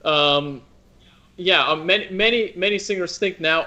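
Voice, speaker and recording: An American opera singer in his thirties speaks at a measured pace in a conversational interview, his voice bright, forward and a little higher than most men's. He talks thoughtfully, circling back with restarts and "you know" as he gathers his thoughts, and the recording sounds muffled.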